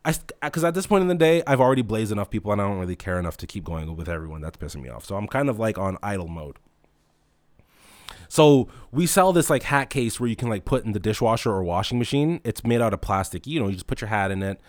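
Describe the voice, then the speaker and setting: A man's voice: lowish voice, lively intonation, fast talker, no room sound, studio quality. A young man who manages a store, telling a story in an exasperated, mock-incredulous rant full of swearing.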